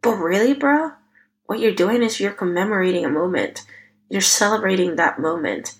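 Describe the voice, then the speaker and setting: A woman's voice: mid-range voice, expressive, moderate pace, poor audio. A young woman hosting a solo self-growth podcast, talking in a chatty, heartfelt way that turns emotional. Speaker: podcast host. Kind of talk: casual solo podcast talk.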